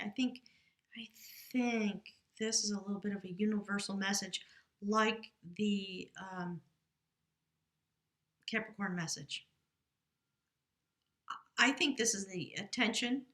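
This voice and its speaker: A woman's voice: medium pitch, fairly bright tone. Woman tarot reader, mid-range voice, earnest and emotive delivery with whispered asides. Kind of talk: spiritual reading monologue.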